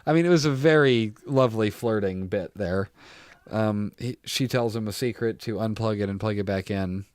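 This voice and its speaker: A man's voice: on the low side, normal speed, darkish tone, smooth, dry recording, clean studio sound. A young man co-hosting a podcast, animatedly retelling TV scenes with quoted lines and casual swearing. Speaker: podcast co-host. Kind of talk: casual chat recapping a TV show.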